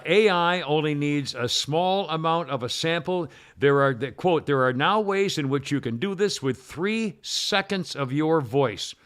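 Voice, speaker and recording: A man's voice: a little high, a bit bright. Rambling male talk radio host. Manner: rambling, reads news items aloud. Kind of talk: casual talk radio chat.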